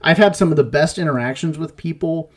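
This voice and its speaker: A man's voice: on the high side, fairly quick. A man hosting a podcast, chatting casually and animatedly, often restarting his sentences. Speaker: podcast host.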